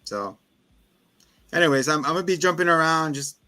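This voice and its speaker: A man hosting a casual movie review chat, retelling scenes with animated energy. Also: on the high side, moderate pace. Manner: animated storyteller, acts out scenes in voices. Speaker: podcast host.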